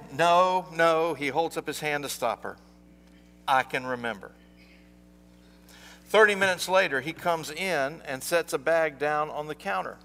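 A man preaching a sermon, telling a story slowly with deliberate pauses. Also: fairly high pitch, sharp tone. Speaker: pastor. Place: church. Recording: long reverb of a large hall.

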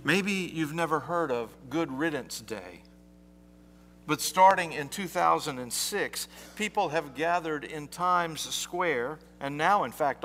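A man preaching a sermon, telling a story slowly with deliberate pauses. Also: a little high, a bit bright, a little hiss or hum. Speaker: pastor. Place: church. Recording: long reverb of a large hall.

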